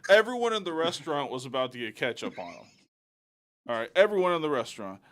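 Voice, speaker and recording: A man co-hosting a podcast, telling a story in animated, profane casual banter. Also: fairly high pitch, quick pace. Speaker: podcast co-host.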